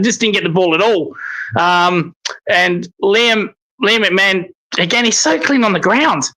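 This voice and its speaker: Sweary fan calling football. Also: male voice, sits high, low-quality recording. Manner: excitable, swears in frustrated outbursts. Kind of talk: live watch-along commentary.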